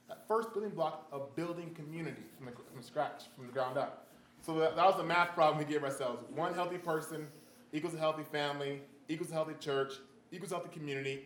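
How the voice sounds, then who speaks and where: Animated man preaching in an echoey church. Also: a little high, slight background noise. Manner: conversational, animated, frequent "right?" asides. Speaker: pastor. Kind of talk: sermon. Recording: echoey room, faint ambience.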